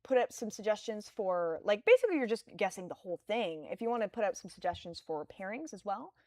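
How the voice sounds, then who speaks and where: A woman co-hosting a casual live stream. Her voice is mid-pitched and sounds dry and close. She lays out plans briskly, one step at a time. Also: very animated, darkish tone, dry recording. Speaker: stream co-host.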